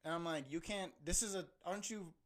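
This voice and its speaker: A young man hosting a podcast, telling an animated story with lots of laughing and "bro". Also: fairly high pitch, quick pace, crowd noise. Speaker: podcast host. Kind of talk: casual storytelling chat.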